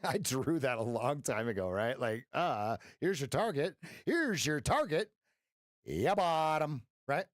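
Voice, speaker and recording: A man's voice: mid-range voice, very animated, a little slow, few pauses, dry recording, clean studio sound. A man coaching viewers through trades on a live stream, playful and jokey, breaking into sound effects. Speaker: trading coach. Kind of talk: live-stream trading commentary.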